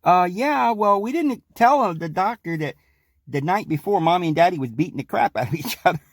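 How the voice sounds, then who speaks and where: A podcast host delivers a rambling, emphatic monologue, at times acting out the people he quotes. His high, animated voice moves fairly quickly, and the studio-quality recording has no echo.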